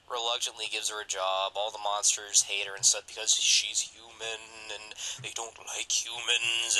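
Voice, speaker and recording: A man's voice: fairly low pitch, a little hiss or hum, low-quality recording. A man co-hosting a casual film podcast, recapping a movie plot with jokes and frequent giggles. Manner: joking, giggly, animated recapping. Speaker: podcast co-host.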